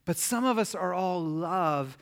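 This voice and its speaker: A pastor preaching a sermon, listing points and then dropping to a quiet, emphatic voice. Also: male voice, sits high, lively intonation, measured pace, vocal fry.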